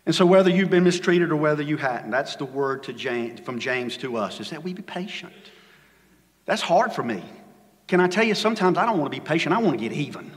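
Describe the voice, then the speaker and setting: A man's voice: animated, brisk. Man preaching in a reverberant hall. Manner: dynamic preaching, swings from loud emphasis to hushed low lines. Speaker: pastor. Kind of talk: sermon. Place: church sanctuary.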